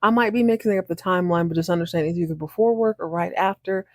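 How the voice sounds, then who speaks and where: A woman hosting a podcast, recapping a TV episode in an animated, chatty way, acting out the characters' lines and laughing often. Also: lowish voice, fast talker, no room sound, studio quality. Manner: animated, acts out characters' lines in shifting voices. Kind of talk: casual recap monologue.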